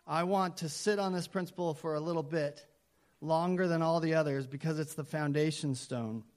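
A man's voice: on the high side, fairly even intonation, moderate pace, darkish tone. Fields: Sex: male. Style: conversational sermon. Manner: conversational, self-deprecating, emphatic repetition. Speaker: pastor.

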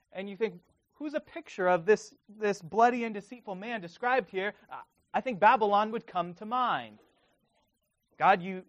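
A man delivers a sermon in a fairly high voice, earnest and direct. He reads scripture aloud and lets his emphasis build. The sound is close and dry, with almost no room. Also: a bit bright, dry recording. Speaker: preacher.

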